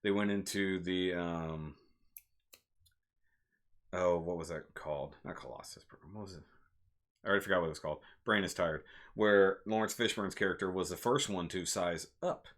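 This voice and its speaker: A man with a fairly low voice chats casually on a home live stream. He rambles and gets animated, then laughs at himself. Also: normal speed. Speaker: movie reviewer, channel host.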